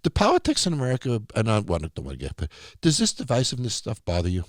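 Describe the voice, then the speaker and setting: A man's voice: medium pitch, wildly swooping pitch, rapid-fire, dry recording, clean studio sound. A man hosting a podcast, chatting casually with his guest and prompting him with chummy questions. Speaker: podcast host. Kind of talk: casual interview chat.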